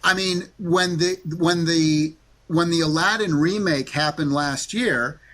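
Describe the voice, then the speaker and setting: A man's voice: fairly high pitch, a little slow, a bit bright. A man answering interview questions in a rambling, defensive way with many fillers. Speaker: interview guest.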